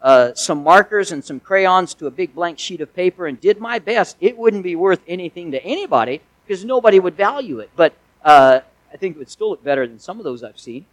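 Pastor, male, slightly higher voice, folksy conversational sermon that rises to emphatic peaks, dry sound. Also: lively intonation, a little fast, few pauses, dry recording, poor audio. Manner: conversational preaching with folksy asides and emphatic swells.

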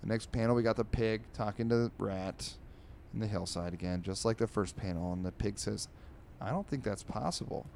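A man's voice: on the low side, fairly even intonation, creaky, darkish tone, a little hiss or hum. A man hosting a comedy podcast, reading newspaper comics aloud with rambling, sarcastic asides. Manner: does quick voices for characters. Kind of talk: casual comic reading with commentary.

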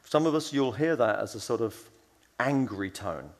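This conference speaker has a mid-range, animated voice at normal speed, trailed by a long reverb tail. He preaches in a loose, chatty way, stumbling and restarting with fillers while he spins stories and performs each quoted voice.

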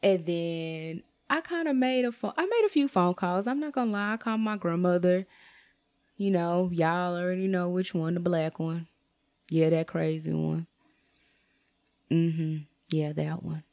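A young adult woman telling a casual storytime rant to her viewers, blunt and profane, with jumps to high exclamations. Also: a little slow. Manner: animated, swings to high exclaims. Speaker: vlogger.

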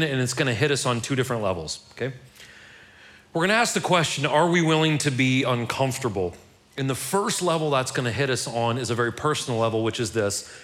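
A male pastor giving a sermon in a loose, conversational way, often stumbling over repeated words. His voice sits at an everyday middle pitch for a man. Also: fairly bright tone.

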